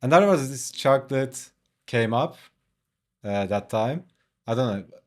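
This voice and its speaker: Non-native English-speaking man, mid-pitched, slow drawl, chatty and profane, for a casual streamer anecdote. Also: lively intonation. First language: not English. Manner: laid-back, leans on "like", swears, laughs often. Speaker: artist streaming while drawing a comic. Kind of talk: casual storytelling.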